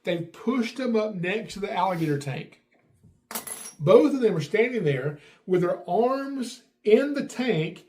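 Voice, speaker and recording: A middle-aged man hosting a podcast, telling a family story in a lively way and acting out what people said. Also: high voice, unhurried. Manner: animated, acts out quotes with raised voice. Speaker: podcast host. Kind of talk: casual storytelling.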